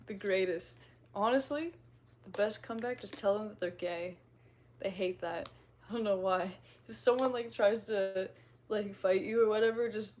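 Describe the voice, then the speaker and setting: A woman in her twenties chatting casually on a livestream, reading out comments in a rambling, self-mocking way and laughing often. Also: mid-range voice. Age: 20s.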